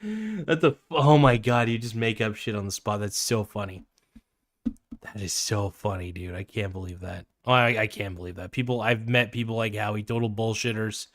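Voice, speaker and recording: A man's voice: lowish voice, moderate pace, no room sound. Podcast host, male, blunt casual talker, dry close mic. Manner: blunt, swears freely, animated. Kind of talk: casual chat.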